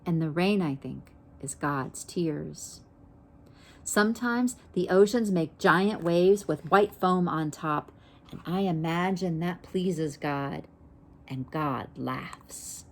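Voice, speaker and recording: A woman reading a children's picture book aloud in a gentle, unhurried way, pausing to ask her listeners questions. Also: lowish voice. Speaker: storybook reader.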